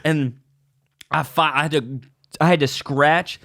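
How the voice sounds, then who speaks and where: Animated male comedian, dry close mic, chatty storyteller who jumps into voices. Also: on the high side, measured pace, gravelly, no room sound. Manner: animated, acts out voices in his stories. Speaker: podcast co-host, comedian. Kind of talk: casual storytelling chat.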